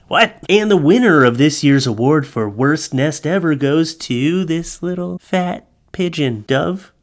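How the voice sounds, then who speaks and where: A young man riffs through funny online posts in a loose, joking commentary. His voice sits at an average pitch, and he stays animated as he talks right to his audience. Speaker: commentary host. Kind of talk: casual comedic commentary.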